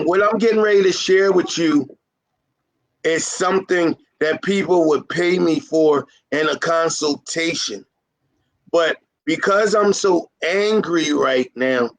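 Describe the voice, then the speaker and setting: Carpet cleaners get business advice from a man whose speaking voice is high-pitched, in a casual, motivational talk. His style is emphatic and fired-up, full of repetition of key points and teasing of the audience, and the audio is close and dry with no echo.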